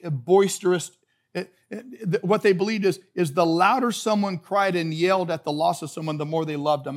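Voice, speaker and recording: High-voiced man preaching a sermon. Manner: earnest, emphatic preaching with repeated phrases. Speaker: pastor. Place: church sanctuary.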